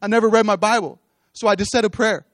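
Man, high-pitched, earnest church testimony, repeats phrases, dry sound. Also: fairly even intonation, fast talker, fairly bright tone, dry recording. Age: adult, with children. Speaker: church speaker giving testimony. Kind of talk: testimony sermon. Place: church stage.

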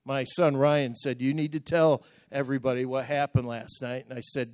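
An older man preaching a sermon, telling personal stories with sudden loud bursts. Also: medium pitch, flat delivery, moderate pace, hardly any pauses, dry recording, studio quality. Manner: storytelling with sudden loud outbursts. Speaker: pastor.

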